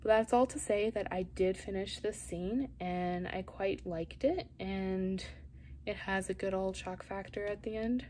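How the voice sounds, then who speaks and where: A woman's voice: medium pitch, measured pace, darkish tone, a little hiss or hum. A young woman chatting to camera about her writing, thinking aloud and rambling, sometimes dropping to a whisper. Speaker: writing vlogger. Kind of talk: casual chat to camera.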